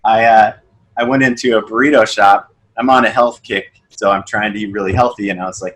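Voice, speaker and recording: The voice belongs to a young man, a sales coach, who tells stories on a podcast as a guest, playing out the dialogue with lively shifts in pitch during casual conversation. He's a little fast, and the recording quality is low.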